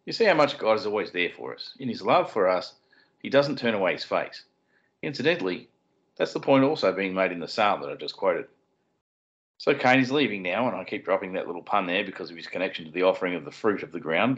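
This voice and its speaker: A man's voice: sits low, animated, fast talker, a bit bright. A man co-hosting a podcast, explaining scripture in a casual way with dry little puns. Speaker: podcast co-host. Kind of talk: casual chat and Bible teaching. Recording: dull lo-fi sound.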